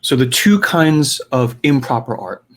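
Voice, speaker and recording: A man's voice: medium pitch, very animated, a little slow. Casual man teaching live over a video call. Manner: conversational, peppered with "right?" and "you know". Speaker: spiritual teacher and advisor. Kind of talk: live online teaching talk.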